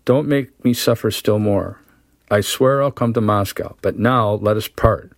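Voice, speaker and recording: A man's voice: fairly low pitch, unhurried, creaky, no echo, studio quality. A man reading a story aloud, voicing a frightened young woman in love who pleads with her lover breathlessly. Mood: tearful pleading. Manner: breathless, imploring, rising to cries.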